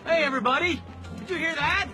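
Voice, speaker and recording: An actor playing an indignant adult male inmate in a movie, shrill and theatrical, making a loud scene. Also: quick pace, full character voice. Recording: film clip with music and crowd noise.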